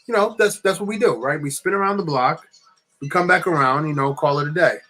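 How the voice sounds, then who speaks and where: Young guy, slightly higher voice, casual storyteller who rambles and restarts, soft music under. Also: fairly quick. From New Jersey. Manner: rambling, animated anecdote with many restarts. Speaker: LEGO builder streaming. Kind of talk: casual storytelling while building.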